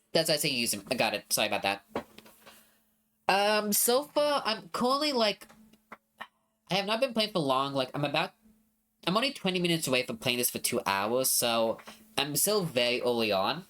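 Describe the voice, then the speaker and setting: A woman's voice: low-pitched, fairly bright tone. A woman streamer explaining a game to chat in a rambling, apologetic way, swearing casually.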